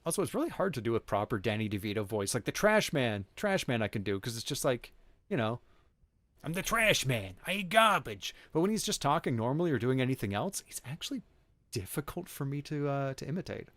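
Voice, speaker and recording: A man hosting a game livestream chats loosely and reacts to his chat while he plays. His medium-pitched voice is very animated and fast, with no echo in the recording.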